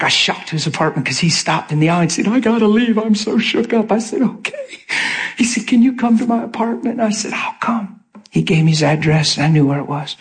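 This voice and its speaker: A middle-aged male pastor preaching in storytelling style, acting out the voices of people he quotes. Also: a little high. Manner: animated, acts out quoted voices. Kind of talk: sermon storytelling.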